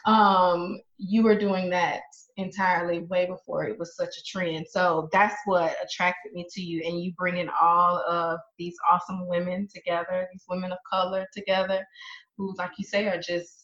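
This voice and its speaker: A woman's voice: on the low side, flat delivery, moderate pace, echoey room, dull audio. A woman guest on a podcast, chatting enthusiastically about the host's work. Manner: warm, enthusiastic, fangirling. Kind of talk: casual interview chat.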